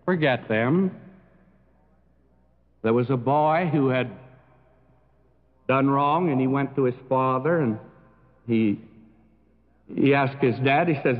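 A man preaching a sermon in a slow, earnest way that swells to emphatic peaks. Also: medium pitch. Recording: tinny narrow-band recording with long reverb.

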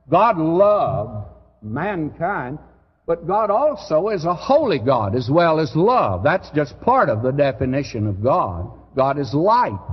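A man preaching a sermon, earnest and conversational, with sudden loud emphasis. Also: a little high, husky. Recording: dull lo-fi recording with long hall reverb.

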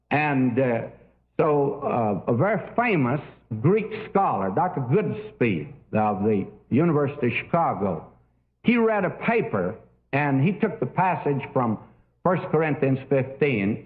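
Older preacher, phone-like narrow sound. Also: male voice, medium pitch. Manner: folksy storytelling with many fillers. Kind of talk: sermon.

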